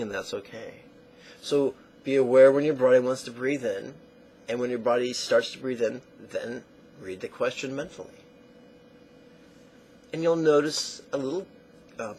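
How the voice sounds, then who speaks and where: Man, meditation teacher, gravelly voice, slow deliberate phrasing, trails into near-whispers. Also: mid-range voice, a little mellow, a little hiss or hum, rough recording. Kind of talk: guided meditation lesson.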